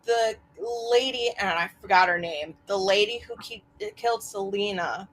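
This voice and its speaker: A woman in her thirties, a guest on a podcast, chatting casually in an unhurried way. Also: medium pitch.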